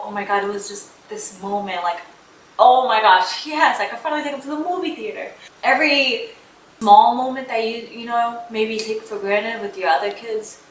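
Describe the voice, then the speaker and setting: A woman's voice: fairly high pitch, a bit bright, distant mic. A woman vlogging to camera as the mother of an autistic son, talking in a heartfelt, chatty way full of "like" and "um". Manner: heartfelt, chatty, many fillers like "like" and "um". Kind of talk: casual talk to camera. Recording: echoey room, voice a bit off-mic, faint noise.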